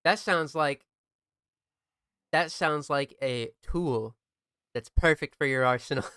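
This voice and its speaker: A man's voice: a little high, slow pace, pushed and bright, clear, resonant tone, dry recording, studio quality. A young man chatting casually while streaming a game, laid-back, joking and swearing often. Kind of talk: casual chat while gaming.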